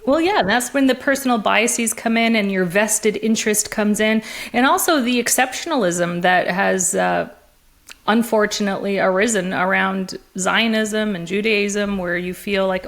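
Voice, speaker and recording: A woman guest in a conversational interview, talking in an animated way with frequent laughs and restarts. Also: medium pitch, normal speed, gravelly. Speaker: interview guest, discourse analyst.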